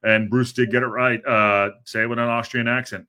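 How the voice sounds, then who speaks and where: Brief: male stream host, tired, bright tone, halting with lots of ums. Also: mid-range voice, flat delivery. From Southern California. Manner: hesitant, many fillers, reads chat aloud. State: tired, low energy. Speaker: host of a football news livestream. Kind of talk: casual livestream chat.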